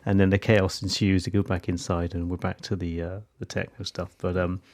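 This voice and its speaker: A man's voice: low voice, level tone, a little fast, darkish tone. A man co-hosting a podcast in casual chat, enthusiastic and full of fillers. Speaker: podcast co-host.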